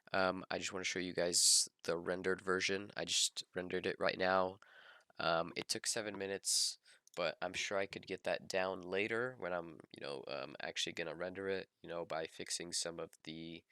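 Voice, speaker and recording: A man's voice: deep voice, pushed and bright, smooth, no echo, clean studio sound. A young man casually narrating his own project in voice-over, rambling with lots of ums and restarts and poking fun at himself. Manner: self-mocking, laid-back. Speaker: student documenting his 3D modeling project.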